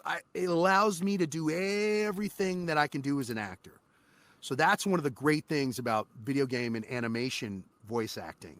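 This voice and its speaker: A man guesting on an interview podcast, a voice actor telling animated, profane stories about his work. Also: fairly high pitch, dry recording. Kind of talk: casual interview chat.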